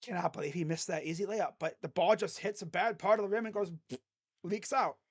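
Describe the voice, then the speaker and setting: A fan streamer calling a basketball game live, play-by-play style, mixing excited calls with sarcastic jokes and quiet mutters. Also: mid-range voice, a little fast, slightly rough. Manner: joking, sarcastic asides. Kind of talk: casual live play-by-play reaction.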